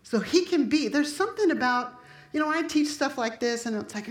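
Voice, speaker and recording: A woman with a high-pitched voice and lively intonation preaches at a fairly quick pace, recorded in an echoey room. She keeps the sermon conversational and chatty, tossing jokes to her congregation along the way.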